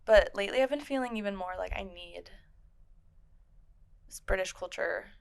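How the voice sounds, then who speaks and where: A young woman co-hosting a podcast in casual chat, talking in a lively, chatty way and laughing easily. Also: medium pitch, creaky, clean tone. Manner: chatty, animated, quick to laugh. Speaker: podcast co-host.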